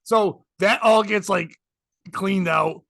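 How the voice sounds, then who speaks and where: A man's voice: sits high, slow, vocal fry, no room sound. A man chatting casually on a podcast, telling a story with lots of acted-out back-and-forth and self-mocking jokes. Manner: animated, self-mocking storyteller who acts out dialogue. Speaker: podcast co-host.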